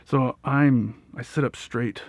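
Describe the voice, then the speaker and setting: A man's voice: medium pitch, steady tone, slow, no echo. A young man telling a personal story in a casual, rambling way, with lots of fillers, swearing and laughter. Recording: dull, dry lo-fi audio.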